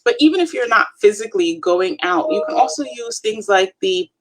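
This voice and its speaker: A woman's voice: medium pitch, animated, fairly quick, a crowd in the background. A woman co-hosting a live stream, coaching viewers in an encouraging, chatty way. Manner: encouraging, addresses viewers as "you guys". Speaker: co-host, Avon representative.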